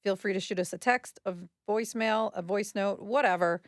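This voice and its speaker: Smooth-voiced woman cohost, dry close sound. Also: medium pitch, no echo. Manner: teasing, quick to laugh. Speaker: radio co-host. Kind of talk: casual morning-show banter.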